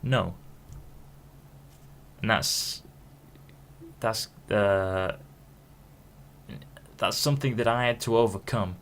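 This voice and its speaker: A man's voice: on the low side, fairly even intonation, fairly bright tone, slight background noise. A young man from Hull talking frankly to camera in a rambling monologue, often stopping and restarting his sentences. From Hull, England. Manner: frank, halting, many restarts. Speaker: vlogger.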